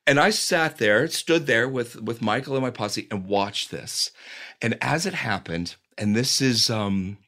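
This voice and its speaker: A man, the guest, telling a personal story in an animated way, often restarting his sentences. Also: medium pitch, measured pace. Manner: lively narrator with frequent restarts.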